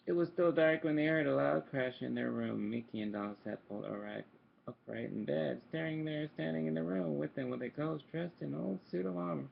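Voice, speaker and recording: A man with a deeply gravelly voice reads a children's storybook aloud at bedtime. He breaks off now and then to talk to his young listeners. The recording is muffled and lo-fi, with faint noise behind him. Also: fairly quick. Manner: warm asides to young listeners.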